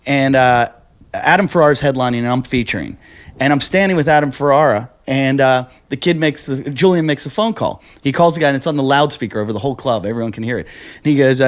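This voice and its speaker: A man, a comedian hosting a podcast, telling a club story in casual chat, acting out the voices and swearing freely. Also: on the high side. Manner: animated, acts out voices in anecdotes, swears freely.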